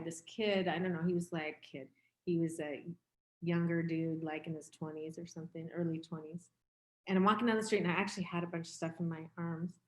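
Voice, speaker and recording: A woman in her fifties giving a dharma talk as a meditation teacher, speaking in a candid, reflective, conversational way. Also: on the low side. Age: 50s. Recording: roomy echo.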